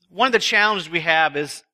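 A man's voice: a little high, bright, forceful tone. A man speaking at a retreat, telling self-deprecating stories in a chatty sermon to a live audience. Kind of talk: sermon with a humorous personal story. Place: live talk before an audience.

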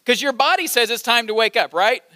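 A male preacher with a strikingly high, bright voice delivers an animated sermon, repeating phrases and leading the room in call-and-response. The sound is close and dry. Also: a little fast, dry recording. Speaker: campus ministry preacher. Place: large hall with balcony.

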